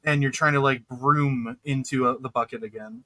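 A man's voice: medium pitch, fairly even intonation, normal speed, bright, forceful tone, no echo. A man co-hosting a podcast, making teasing jokes at his friends. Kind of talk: casual podcast chat.

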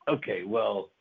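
A man hosting a casual chat, telling stories in an animated way with lots of laughing and swearing. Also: lowish voice, gravelly, husky. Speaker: podcast host. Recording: tinny phone-like, dry sound.

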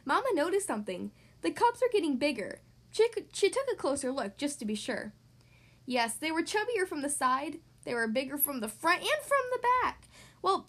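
Woman host reading a picture book to young kids. High, lively, expressive voice. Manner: expressive and animated. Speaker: children's podcast host.

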